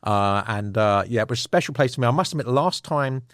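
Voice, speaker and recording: A man's voice: mid-range voice, lively intonation, fairly quick, no echo, studio quality. An English man, an author, telling stories earnestly as a guest in a casual interview chat. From England. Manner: earnest storytelling, occasional chuckle.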